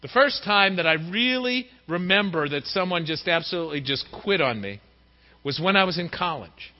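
Middle-aged male preacher, high-pitched and expressive; muffled sound with long hall reverb. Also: normal speed. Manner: lively, acts out quoted voices. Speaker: pastor. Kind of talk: sermon. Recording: dull recording in a reverberant hall.

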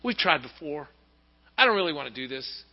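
A man's voice: a little high, big pitch swings, brisk. A preacher playing a whiny reluctant paralyzed man. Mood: weary. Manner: whiny protesting, rising to shrieks. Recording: reverberant hall, dull lo-fi sound.

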